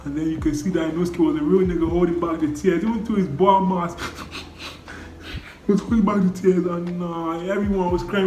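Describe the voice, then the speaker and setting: A man's voice: sits high, fairly even intonation, a little fast, warm tone. Emotional young man in a roomy echo. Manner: emotional, exclamatory, repeats "no, no, no". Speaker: anime reviewer. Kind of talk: casual spoken review. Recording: roomy echo, faint background music.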